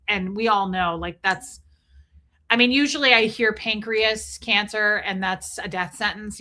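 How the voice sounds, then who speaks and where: Bright-voiced woman livestream host. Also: medium pitch. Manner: rambling and emotional, thanking viewers. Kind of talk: casual livestream chat.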